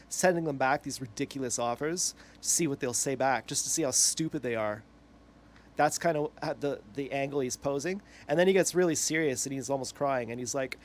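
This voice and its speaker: A man's voice: medium pitch, brisk. A man in a rambling, self-correcting monologue, crude and meandering. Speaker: online commentator.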